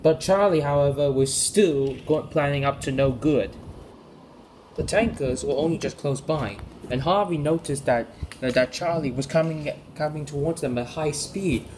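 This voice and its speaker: A man narrating a home-made toy-train story, halting and restarting often as he reads. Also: fairly high pitch, darkish tone, slight background noise. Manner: halting, frequent restarts and stumbles. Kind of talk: amateur storytelling.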